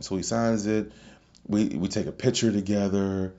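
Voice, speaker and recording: Man, deep voice, mellow, rambling casual podcast storytelling, excitable, lo-fi sound. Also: moderate pace, vocal fry. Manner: rambling, excitable, full of fillers and restarts. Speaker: podcast host.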